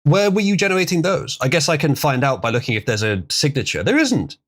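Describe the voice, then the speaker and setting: Fast and sing-song, a man with a higher voice hosts a relaxed livestream. He chats aimlessly, chuckling as he reads donations from viewers.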